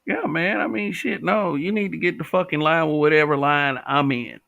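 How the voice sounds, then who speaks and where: A man's voice: on the high side, normal speed, vocal fry, pushed and bright, dry recording, dull audio. A man hosting a livestream, talking bluntly with profanity and reading viewer comments. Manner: blunt, profane, talks back to chat.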